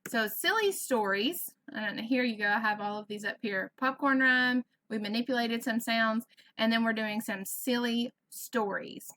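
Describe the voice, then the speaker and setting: This Southern US woman leads a first grade phonics lesson online, drawing out words and sounding them out for little kids. She speaks at a moderate pace, her slightly high voice pushed and bright.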